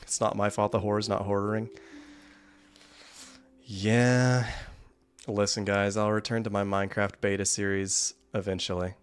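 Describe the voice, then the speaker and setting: A man's voice: fairly low pitch, monotone, fairly quick, hardly any pauses, clean tone. A man giving casual, wry gameplay commentary, rambling and often laughing. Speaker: gaming YouTuber.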